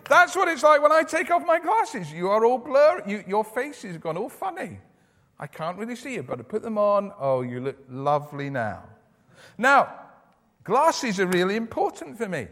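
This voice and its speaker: Guy doing a kids' talk at church, asks the kids lots of questions, lively up and down voice, echoey hall. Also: high voice, normal speed. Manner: animated, asks children questions. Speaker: minister giving a children's talk.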